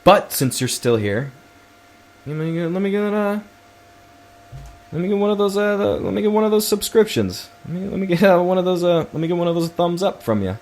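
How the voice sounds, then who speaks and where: A man's voice: high voice, very animated, brisk, darkish tone. A man hosting his first solo podcast, telling a rambling story full of swearing and restarts. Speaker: podcast host.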